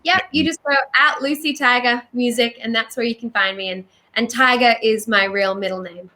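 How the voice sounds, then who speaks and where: A woman's voice: a little high, normal speed, pushed and bright. A woman from Sydney with an Australian accent, a singer-songwriter guest chatting cheerfully on a podcast. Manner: cheerful, chatty, laughs often. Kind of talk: casual interview chat.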